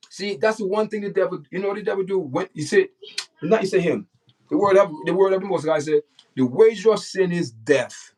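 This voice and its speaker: Man as livestream host, preachy and indignant, slightly raised pitch, a little off the mic. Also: moderate pace, far from the mic. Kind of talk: opinionated livestream commentary.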